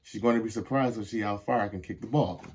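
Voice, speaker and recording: A man's voice: on the low side, fast talker, slightly rough. A man voicing a hopeful, long-suffering cartoon boy in a storybook reading, sounding eager and sometimes indignant. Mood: earnest.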